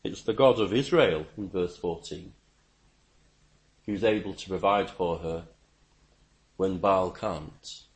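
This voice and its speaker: A man's voice: slow, long pauses. Emphatic preacher man. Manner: emphatic, stammering restarts, sudden rises in pitch and volume. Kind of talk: sermon.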